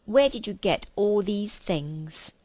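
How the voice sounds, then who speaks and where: A woman's voice: medium pitch, animated, slow pace, a little mellow, dry recording. A woman voicing a cold, imperious witch queen who speaks in a commanding, contemptuous way in a storybook reading.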